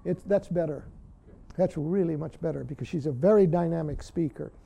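A man giving a dharma talk to his students, often saying "see" and pausing for emphasis. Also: a little high, gravelly, warm tone, breathy edge. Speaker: Zen teacher.

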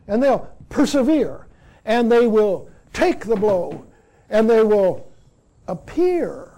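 A man with a raised, gravelly voice delivers a Zen dharma talk. His tone is dark and mellow, and he talks haltingly, checking in with "see?" as he goes. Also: high-pitched. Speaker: Zen teacher.

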